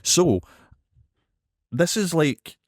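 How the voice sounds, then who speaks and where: A man with a Scottish accent co-hosting a podcast, telling a story in an animated, sweary way and checking in with "right?". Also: on the high side, drawn-out words, no room sound, clean studio sound. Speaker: podcast co-host. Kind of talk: casual chat.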